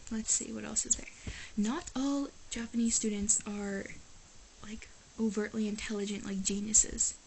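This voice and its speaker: An American woman living in Japan vlogs to camera, chatting casually in an emphatic, exasperated way with lots of "like"s. Her voice is a little high and a little mellow, with slight background noise and poor audio.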